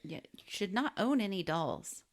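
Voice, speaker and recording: A woman's voice: mid-range voice, expressive, normal speed. A young woman co-hosting a podcast, laughing a lot and poking fun at a movie's plot with sarcastic quips. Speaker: podcast co-host. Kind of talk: casual movie recap chat.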